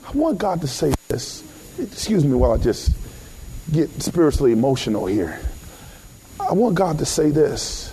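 Male pastor, high and animated, husky and gravelly, fervent, shouting sermon delivery. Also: fairly quick. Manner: impassioned preaching, rising to shouts, calls to the congregation.

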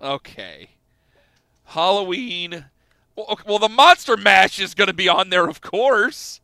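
High, bright-voiced excitable radio host. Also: male voice, normal speed, no echo. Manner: animated, excitable, jumps between topics. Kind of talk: casual sports talk chat. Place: radio studio.

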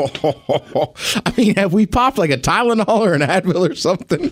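A man's voice: high voice, animated, normal speed, breathy edge. A man co-hosting a podcast in casual chat, teasing his co-host and laughing easily.

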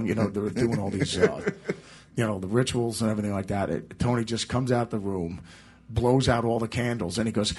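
A husky, low-pitched man chatting in an interview. He rambles through his anecdotes with plenty of fillers and laughter. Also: fairly even intonation, fairly quick, a little mellow. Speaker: guitarist guest. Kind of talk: casual storytelling interview.

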